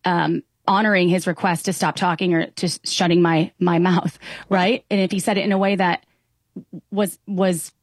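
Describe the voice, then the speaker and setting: A woman's voice: fairly low pitch, flat delivery, normal speed, dry recording, clean studio sound. A woman guest on a talk show speaking earnestly and reflectively about relationships, often restarting her sentences. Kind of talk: casual talk show conversation.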